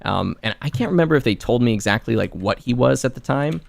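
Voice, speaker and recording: A man with a gravelly, creaky edge to his mid-range voice chats casually as a host. He tells stories in an animated way, laughing often and tripping over his words as he goes. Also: medium pitch, quick pace. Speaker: voice actor hosting a video chat. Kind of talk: casual chat.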